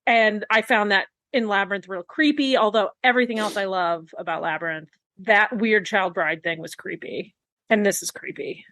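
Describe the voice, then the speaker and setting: A woman's voice: medium pitch, normal speed, fairly bright tone, no room sound. A woman co-hosting a podcast, giving her opinions bluntly and emphatically. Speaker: podcast co-host. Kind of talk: casual podcast chat.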